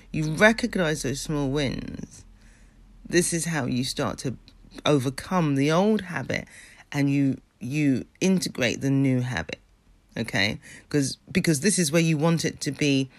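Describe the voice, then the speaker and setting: A man's voice: a little high, dry recording. A man giving a motivational talk about habits and mindset, earnest and emphatic, repeating phrases and checking in with the listener.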